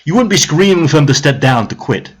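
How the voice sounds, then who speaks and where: A man's voice: on the high side, animated, fairly quick, husky. A man ranting on a live stream about politics, heated, sarcastic and profane, repeating his points.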